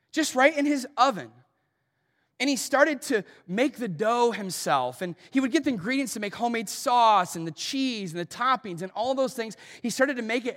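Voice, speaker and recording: A man's voice: very high-pitched, fairly bright tone. A man preaching a sermon as a pastor, in a conversational storytelling way. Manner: conversational, storytelling with acted quotes. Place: church auditorium. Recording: long hall reverb.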